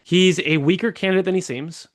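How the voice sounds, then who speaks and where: High-voiced male congressional candidate. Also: a little fast. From California. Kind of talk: podcast interview.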